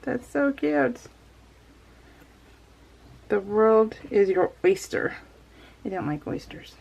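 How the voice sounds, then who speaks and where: A woman's voice: fairly high pitch, lively intonation, takes it slowly, creaky, a little mellow. A woman vlogger chatting casually and laughing at herself as she unboxes a craft kit. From California. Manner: chatty, giggly, talks to herself.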